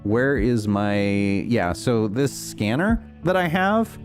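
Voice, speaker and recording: A man's voice: medium pitch, big pitch swings, slow pace, soft background music. A young man chatting casually on his livestream while playing, rambling and answering chat with lots of fillers. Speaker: streamer.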